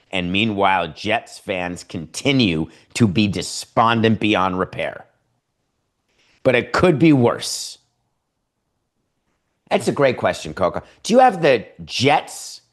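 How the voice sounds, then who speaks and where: A man hosting a sports podcast, giving sarcastic opinions full of rhetorical questions and acted-out imagined dialogues. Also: fairly low pitch.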